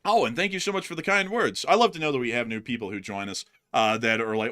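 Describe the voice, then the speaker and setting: Fast, bright-voiced male co-host. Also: mid-range voice. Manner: quick, animated, laughs easily. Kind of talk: casual livestream chat.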